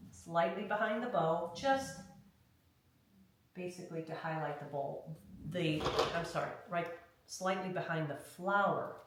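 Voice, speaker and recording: A woman leading a hands-on craft tutorial, talking through each step in a chatty way and often checking in with "okay?". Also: lowish voice. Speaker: craft instructor. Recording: very echoey room, mic far off, faint noise.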